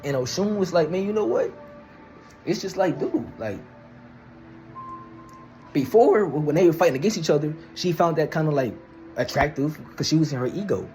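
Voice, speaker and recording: A man's voice: on the high side, animated, moderate pace, long pauses, darkish tone, faint music behind. A young man retelling a myth in a casual, rambling, slangy way. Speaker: storyteller. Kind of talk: casual storytelling.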